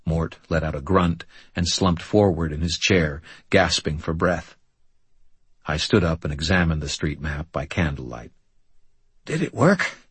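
A man narrating a first-person audiobook in a steady, understated way. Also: rumbling low, a little slow, slightly rough, dry recording.

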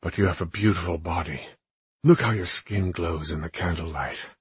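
A man playing a tender French lover from a romance storybook, murmuring low and close. His voice is very deep and husky. The recording is dry, with no room sound. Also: normal speed, dry recording.

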